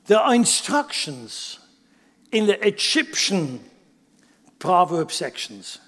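Male pastor, higher register, emphatic sermon delivery with rhetorical questions, reverberant sanctuary. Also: wildly swooping pitch, takes it slowly, fairly bright tone. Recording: long hall reverb.

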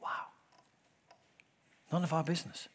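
A man preaching a sermon to his congregation, swinging between loud emphatic declarations and low asides, often repeating words and asking the room questions. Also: a little slow, in a whisper. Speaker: pastor. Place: church.

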